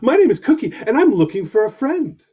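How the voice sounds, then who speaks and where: A man's voice: very high-pitched, sing-song, fairly quick, husky, muffled recording, voice pushed up, full character voice. A man voicing a lost, hopeful young puppy in a storybook reading, polite and eager. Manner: eager, bright, polite greetings.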